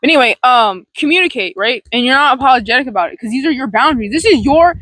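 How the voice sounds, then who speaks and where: This woman's voice sits high, with lively intonation, a quick pace, and a fairly bright tone. Filming herself by phone or camera near a big tree outdoors, she rambles bluntly and profanely about boundaries, often restarting, in a casual self-help vlog. The recording is rough, with no room sound.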